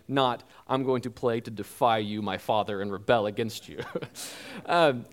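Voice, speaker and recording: A man preaching a sermon, telling a personal story in a halting way with frequent restarts and acting out quoted lines. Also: a little high. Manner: animated storyteller who acts out quoted lines.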